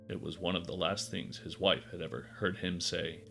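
A man narrating a dark story in a measured, expressive way. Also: deep voice, gravelly, soft background music. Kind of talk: dramatic audiobook narration.

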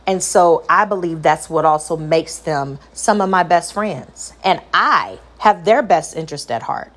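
A middle-aged woman with a high voice, talking earnestly about parenting and repeating phrases for emphasis. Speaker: parent sharing advice. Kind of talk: personal talk to camera.

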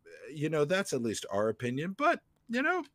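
A man's voice: fairly high pitch, huge pitch swings, moderate pace, a bit bright, no echo. Young guy rambling on his podcast, lots of uhs, dead dry sound. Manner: rambling, joking, many fillers. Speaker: podcast host. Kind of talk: casual podcast chat.

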